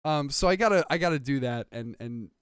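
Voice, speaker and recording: A man's voice: mid-range voice, expressive, a little fast, music in the background. A man hosting a podcast stream, chatting casually and rambling with lots of filler words and swearing. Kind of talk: casual chat.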